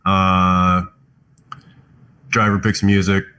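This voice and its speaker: A man's voice: sits low, little pitch movement, very slow, bright, forceful tone, clear, resonant tone. A man chatting thoughtfully on a virtual fan panel, reading out fan questions from home over a video call. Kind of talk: casual panel chat.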